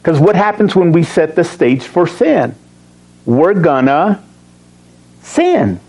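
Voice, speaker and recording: A man teaching a Bible study, reading verses slowly and stressing key words, with joking asides to his class. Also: fairly high pitch, lively intonation, darkish tone, rough recording. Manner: emphatic, slows to read verses, joking asides.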